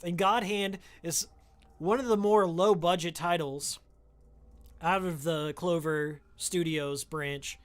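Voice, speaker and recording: Slow and steady in tone, a man with a fairly high pitch casually chats during a game stream, rambling about old games. The setup is a studio microphone with a pop filter.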